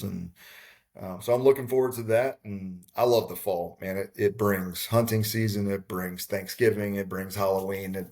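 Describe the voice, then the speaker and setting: A man chatting as a podcast guest, telling a lively story with acted-out quotes. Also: fairly low pitch. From Texas. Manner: animated storyteller, acts out quotes. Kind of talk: casual storytelling chat.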